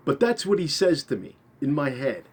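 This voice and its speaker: A man telling a first-person story, rambling, repeating and correcting himself, his voice trailing off quietly at the end of phrases. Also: fairly high pitch, very animated, moderate pace, slightly rough.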